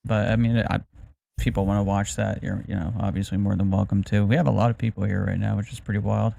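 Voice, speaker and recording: Gravelly man musing aloud. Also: on the low side, flat delivery, fast talker, warm tone, no room sound. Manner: musing, thinking aloud with many fillers. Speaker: livestream co-host. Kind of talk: casual chat.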